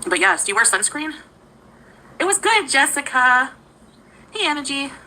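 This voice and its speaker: A woman's voice: high-pitched, big pitch swings, normal speed, bright, forceful tone, rough recording. A woman talking casually on a livestream, greeting viewers by name and giggling often.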